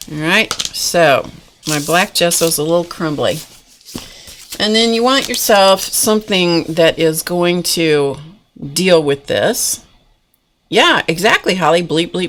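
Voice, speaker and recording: A woman's voice: low voice, a bit bright. A woman hosting a casual live-stream art class from a home desk, chatting folksily with viewers as she demonstrates. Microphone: camera mic at a desk.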